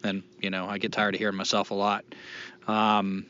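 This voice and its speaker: A man's voice: on the low side, monotone, moderate pace, sharp tone, slight background noise. Male podcast co-host, rambling self-deprecating delivery with casual swearing, dull lo-fi recording.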